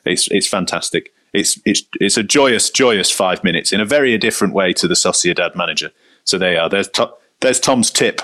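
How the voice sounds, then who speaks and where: A man's voice: deep voice, fairly quick, dry recording. A man chatting about football as a podcast panelist, telling stories animatedly. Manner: animated storyteller, mimics managers in quotes. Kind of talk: casual football chat.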